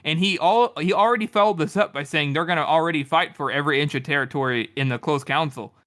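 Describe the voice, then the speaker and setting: A man's voice: on the high side, fast, a bit bright. A man co-hosting a book podcast, retelling a scene casually and laughing often. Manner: giggly, laughs through retelling. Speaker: podcast co-host.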